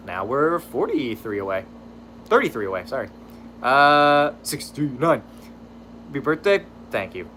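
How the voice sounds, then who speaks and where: Young man, livestream chat, bright voice, lively swooping pitch, casual cursing. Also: unhurried, long pauses, a little hiss or hum. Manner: lively, swears casually, laughs at his own fumbles. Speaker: streamer. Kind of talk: casual livestream chat reading viewer messages.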